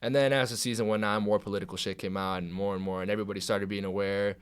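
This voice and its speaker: A man's voice: lowish voice, quick pace, clear, resonant tone. A young man, a guest on a podcast, telling a story in casual, profane chat and acting out what others said. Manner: profane, animated, acts out quoted dialogue. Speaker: podcast guest, pro wrestler.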